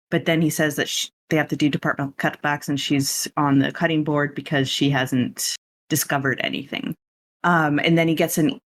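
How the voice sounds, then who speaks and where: A man hosting a podcast, casually recapping a film in a chatty, rambling way with lots of asides. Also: fairly high pitch. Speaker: podcast host.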